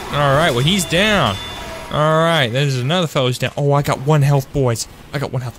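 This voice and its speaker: A man's voice: medium pitch, fairly quick, noisy background. A young man streaming a shooter game live, chatting upbeat with his viewers and greeting them by name, often correcting himself mid-sentence. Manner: self-correcting, trails off with fillers. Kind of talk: live-streamed gameplay commentary.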